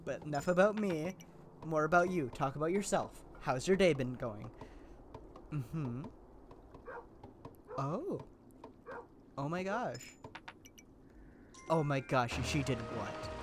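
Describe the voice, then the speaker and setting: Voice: mid-range voice, background noise. A gameplay commentator chatting casually and playfully to viewers, rambling, giggling often and joking about themself.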